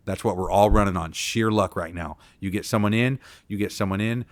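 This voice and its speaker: A man's voice: lowish voice, a little fast. A man on a community town hall panel, explaining treatment barriers earnestly with frequent fillers. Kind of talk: panel discussion talk.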